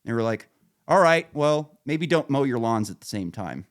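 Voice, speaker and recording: A man's voice: mid-range voice, big pitch swings, normal speed. A man hosting a podcast, telling rambling, profane stories in casual chat and laughing at his own punchlines. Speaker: podcast host.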